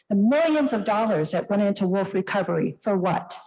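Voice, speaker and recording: A woman speaks at a commission hearing with mounting indignation. She drives each point home with blunt emphasis in a mid-pitched voice. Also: expressive, a little fast, few pauses, a little mellow, poor audio. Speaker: public commenter. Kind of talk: public comment at a hearing.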